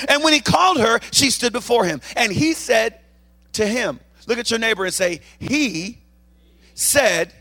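Animated high-voiced male preacher. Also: slightly rough. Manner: loud, animated preaching with playful asides. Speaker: guest preacher. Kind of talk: sermon.

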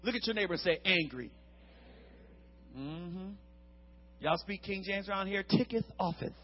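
A man preaching a lively, humorous sermon, acting out the Bible characters and swinging between shouts and hushed asides. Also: high voice, moderate pace, dull audio, faint music behind.

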